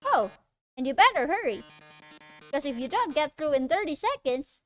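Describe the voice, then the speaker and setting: A woman's voice: high-pitched, sing-song, moderate pace. A woman voicing a flamboyant male robot TV star, speaking in a theatrical, showy way and calling others darling. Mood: taunting.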